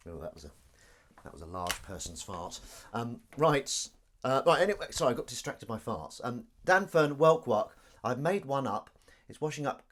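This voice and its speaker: Animated jokey man on a live stream. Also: medium pitch, moderate pace. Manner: jokey, self-mocking, reads viewer comments aloud. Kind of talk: casual live-stream chat.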